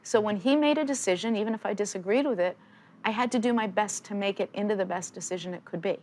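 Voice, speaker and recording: A woman in her sixties, a football analyst appearing as an interview guest in a studio, tells stories emphatically and with animation. Her strong, far-from-dainty voice is mid-range, and she talks fast.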